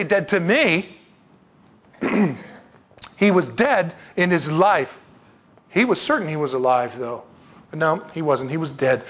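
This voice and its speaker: A man's voice: on the high side, slightly rough. A man preaching a sermon in a conversational, folksy way, with casual asides and rhetorical questions. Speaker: pastor.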